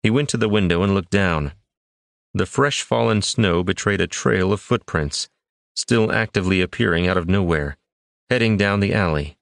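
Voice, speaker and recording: Male audiobook narrator, deep, measured dramatic reads, dry booth sound. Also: vocal fry, no echo. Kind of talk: scripted fantasy narration.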